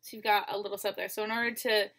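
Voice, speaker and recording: A woman's voice: medium pitch, little pitch movement, racing, fairly bright tone. A woman teacher giving a recorded lesson, patiently counting syllables one by one and speaking straight to her students. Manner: addresses students directly.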